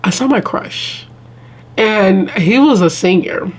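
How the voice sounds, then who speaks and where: A young adult woman telling stories on her vlog in a casual chat, animated and laughing as she talks straight to her viewers. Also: medium pitch, slow. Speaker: vlogger.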